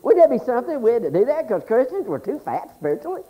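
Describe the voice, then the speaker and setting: A man preaching a humorous sermon in a folksy, joking way, swinging between loud exclamations and hushed asides. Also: extremely high pitch, very animated, fast talker, husky, highs cut off. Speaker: pastor.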